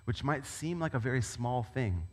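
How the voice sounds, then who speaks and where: A man delivers a sermon at a middle pitch, conversational and animated as he tells stories. His voice carries a long reverb, as if recorded in a large church hall. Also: normal speed, slightly rough. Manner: conversational, animated storytelling preacher. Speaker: pastor.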